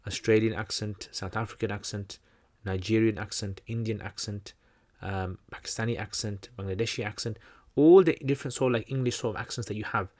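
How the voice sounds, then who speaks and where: A man with a fairly low voice hosts a livestream question-and-answer session. He explains at length in a loose, chatty teaching manner. He often circles back and restarts his sentences, with plenty of fillers along the way. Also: a little fast, few pauses, a little mellow. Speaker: channel host answering questions.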